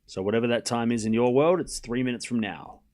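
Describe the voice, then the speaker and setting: Talking fast in a medium-pitched, a little mellow voice, this Australian-accented man is running a live stream. His commentary is casual and rambling as he chats with viewers, poking fun at himself and cursing occasionally.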